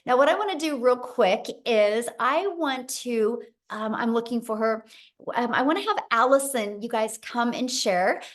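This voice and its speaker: A woman hosts a live webinar from a video call, her voice pitched a little high. She is upbeat and coaxing, encouraging a guest to unmute and share. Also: animated, normal speed. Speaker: webinar host.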